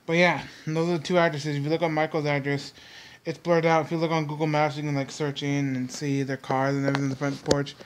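A man's voice: on the high side, level tone, fast talker, a little hiss or hum. A young man hosting his own vlog, ranting heatedly and repetitively straight at his viewers. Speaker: vlog host.

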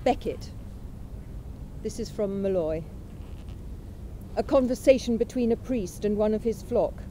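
Mellow-voiced woman reading aloud, measured. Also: medium pitch, a little hiss or hum, rough recording. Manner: measured, unhurried literary reading. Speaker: speaker at a memorial event. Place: college chapel.

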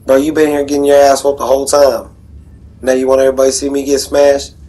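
A man's voice: medium pitch, monotone, fast, mellow, faint music behind, poor audio. Cocky trash-talking man, street slang. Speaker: gamer trash-talking over voice chat. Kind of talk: casual trash talk while gaming.

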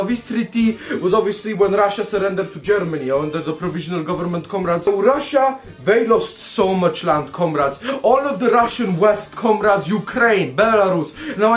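A man hosting a comedic history explainer, joking and swearing and calling his viewers comrades. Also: high-pitched. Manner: profane, jokey, calls the audience comrades constantly. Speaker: history video host.

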